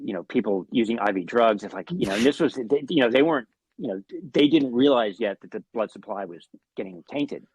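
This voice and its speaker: A man's voice: mid-range voice, a little mellow, husky, dry recording, muffled recording. A man telling a long, rambling story in a casual interview, swearing and restarting often. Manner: rambling, profane, frequent fillers and restarts. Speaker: guest musician.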